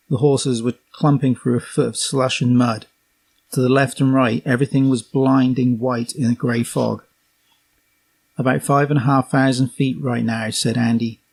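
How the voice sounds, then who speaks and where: A man with a Norfolk English accent narrates a memoir in a steady, unhurried read. His voice sits at a middle pitch with a husky, slightly breathy grain. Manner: steady, unhurried reading, occasional slips. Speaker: reader.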